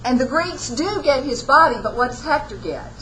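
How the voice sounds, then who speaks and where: A woman's voice: high-pitched, very animated, normal speed, sharp tone, a little hiss or hum, low-quality recording. A woman lecturing a college class, retelling an old epic in folksy everyday speech and acting out the quotes. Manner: folksy storytelling, acts out quotes in casual speech. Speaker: college literature instructor.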